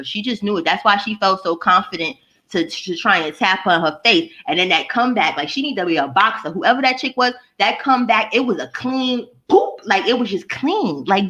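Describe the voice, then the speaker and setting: A woman's voice: medium pitch, a bit bright. A woman vlogger ranting casually to her live chat, profane and mocking, answering viewers by name.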